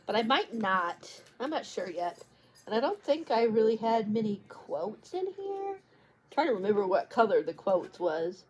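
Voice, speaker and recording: A woman's voice: on the high side, big pitch swings, normal speed, darkish tone, breathy edge. A woman book vlogger talking in a casual, rambling way, tripping over words and restarting sentences. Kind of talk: casual chat.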